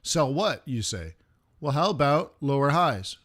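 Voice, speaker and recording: A man's voice: on the high side, very animated, fairly bright tone. Man teaching live chart trading. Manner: chants chart moves in rhythmic bursts; casual, talks straight to viewers with quick rhetorical questions. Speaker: forex trading instructor.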